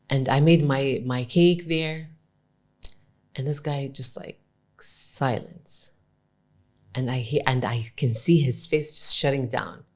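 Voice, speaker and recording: A woman co-hosting a podcast, telling a long story in animated casual chat and switching between English and Arabic. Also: rumbling low, slow pace. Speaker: podcast co-host.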